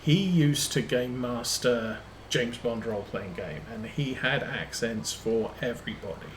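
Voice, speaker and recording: A man's voice: medium pitch, measured pace, a little hiss or hum. A man streaming a farming game, telling rambling anecdotes full of ums as he plays. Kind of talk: casual chat while playing a farming game. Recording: roomy echo.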